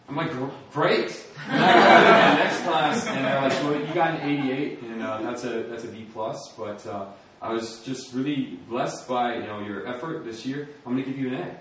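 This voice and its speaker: A man's voice: mid-range voice, brisk, a bit bright, a little hiss or hum. Distant echoey man telling a testimony. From United States. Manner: storytelling, laughs often. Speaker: speaker at a church or campus ministry gathering. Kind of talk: testimony sermon. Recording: echoey room from far off.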